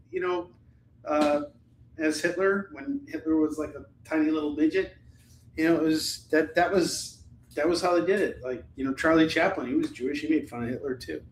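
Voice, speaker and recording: A man with a high voice hosts a casual live sale, calling out prices and rambling between jokes and swearing. The indoor room has a noticeable echo. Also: a bit bright, a little hiss or hum. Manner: joking, profane, rambling. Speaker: live shopping show host. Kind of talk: casual live-stream sales chat. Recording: roomy echo.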